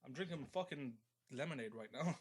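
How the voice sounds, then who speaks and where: A man's voice: medium pitch, animated, fairly quick, slightly rough. A man co-hosting a casual internet radio chat, swearing freely and laughing easily. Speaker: co-host.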